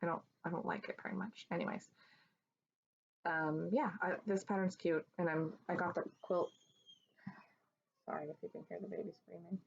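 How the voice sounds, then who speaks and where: Low gravelly woman chatting casually. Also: steady tone, moderate pace, pauses often. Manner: rambling, with many fillers and restarts. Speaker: cross-stitch vlogger. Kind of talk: casual show-and-tell chat. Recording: dull lo-fi sound with faint background noise.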